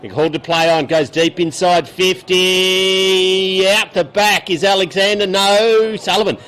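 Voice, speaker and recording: A man's voice: high-pitched, fairly even intonation, measured pace, fairly bright tone, smooth. An Australian man calling play-by-play at a local football match outdoors, trading laughing banter with his co-caller. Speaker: football co-commentator. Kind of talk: live local football commentary.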